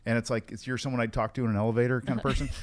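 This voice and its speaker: A man's voice: medium pitch, little pitch movement, rapid-fire. Playful, teasing male podcast co-host. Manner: playful, teasing, laughs a lot. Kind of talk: casual chat.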